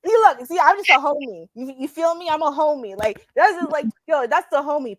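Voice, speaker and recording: Give me a young woman co-hosting a livestream, playful and loud, high and animated, in a dry room. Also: a little fast, dry recording, rough recording. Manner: loud, playful, hyping up her co-host. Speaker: co-host. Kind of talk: casual livestream chat.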